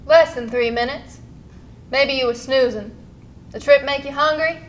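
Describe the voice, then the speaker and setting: A young woman acting in a stage play, playing a calm, caring woman who gently questions and feeds a friend. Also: high voice, a little slow. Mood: gentle. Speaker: stage actor.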